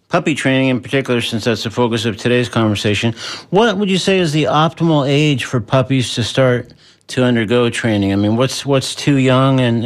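A male radio show host introducing segments and asking friendly, slightly halting questions. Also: medium pitch. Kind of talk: radio interview.

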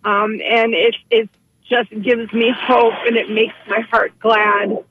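A woman calling in to a radio show, speaking haltingly and emotionally with many pauses and restarts. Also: on the high side, flat delivery, husky. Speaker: caller. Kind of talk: phone call to a radio show. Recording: tinny phone line.

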